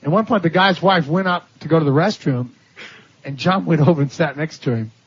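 A man's voice: fairly high pitch, brisk, breathy edge. A man preaching a sermon, telling stories with animation, laughing and acting out the voices of the people in them. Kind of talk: sermon storytelling. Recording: dull lo-fi sermon recording.

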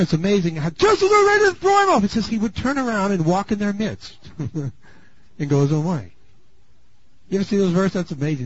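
A man preaching a sermon, dramatic and swinging from loud bursts to hushed asides. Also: very high-pitched, slightly rough, no room sound. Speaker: pastor. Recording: dull lo-fi sound.

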